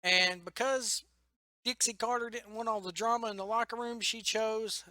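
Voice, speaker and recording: A young man rambling excitedly about wrestling news in a casual vlog, tired late at night and laughing often. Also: high-pitched, normal speed, dry recording. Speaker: wrestling vlogger. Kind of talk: casual solo commentary.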